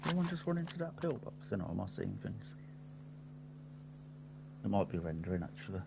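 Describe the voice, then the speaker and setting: A man's voice: lowish voice, sing-song, a little fast, vocal fry, background noise. A man chatting casually and joking while playing a survival game with a friend. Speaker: gamer. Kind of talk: casual gaming chat.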